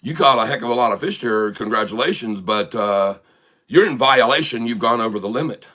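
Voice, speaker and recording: A man's voice: medium pitch, a little fast, pushed and bright, lightly acted. A man playing a stern male game warden in a told joke, officious and scolding.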